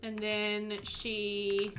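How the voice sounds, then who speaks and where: A woman's voice: medium pitch, completely flat delivery, very slow, fairly bright tone, slight background noise. A woman streaming a murder mystery game, thinking aloud in a chatty, giggly way. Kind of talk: casual game commentary.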